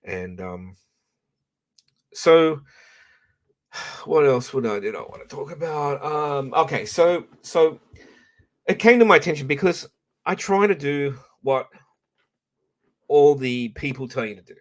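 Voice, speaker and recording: A man's voice: a little high, animated, takes it slowly, long pauses. An Australian man ranting casually to his live-stream audience, blunt and profane, rambling with frequent restarts.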